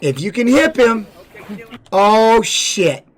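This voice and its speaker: A man's voice: sits high, big pitch swings, slow pace. A man giving casual live-stream commentary on fight videos, blunt and profane, repeating words for emphasis.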